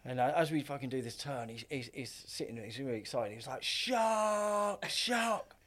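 A man's voice: mid-range voice, quick pace. Rambling, swearing middle-aged man. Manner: rambling, heavy filler use, swears freely. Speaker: podcast guest. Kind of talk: casual storytelling chat.

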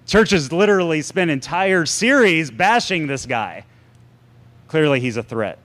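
A man preaching a sermon to a congregation, animated and sarcastic, with big swings in pitch. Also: measured pace. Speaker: pastor.

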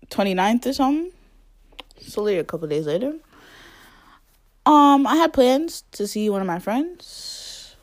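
Young woman, lively swooping pitch, slow unhurried delivery, casual storytelling, lots of fillers. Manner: chatty, lots of "like" and quoted dialogue, laughs often.

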